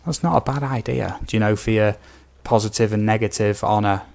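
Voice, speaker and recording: A man's voice: on the low side, a little fast, creaky, darkish tone. A young British man chatting casually on a game stream, reading out viewer questions with lots of ums and asides. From United Kingdom. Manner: rambling, reads out viewer comments with many ums. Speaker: gaming streamer. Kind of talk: casual live-stream chat.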